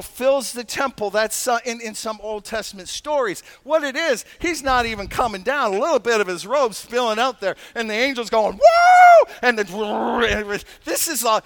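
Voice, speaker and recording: A man preaching a sermon, animated and emphatic, with frequent asides and laughs. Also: extremely high pitch. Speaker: pastor.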